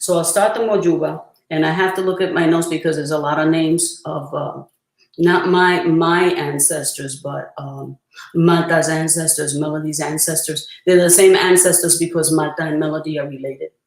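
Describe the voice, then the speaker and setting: A priestess presenting a spiritual workshop, talking earnestly and reverently with frequent pauses, and reciting a prayer. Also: female voice, low-pitched, steady tone. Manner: earnest, reverent, pausing often to gather thoughts. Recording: roomy echo.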